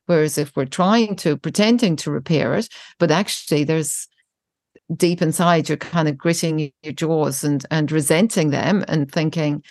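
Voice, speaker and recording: A woman who teaches parenting, speaking in a reflective podcast conversation, thoughtful and gentle, often restarting her phrases as she explains. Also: low voice, normal speed, dry recording, clean studio sound. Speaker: parenting educator guest.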